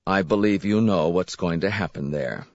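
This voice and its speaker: A man doing a calm, stern farm father. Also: low voice, no echo. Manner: calm, grave, measured. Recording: slightly dull dry recording.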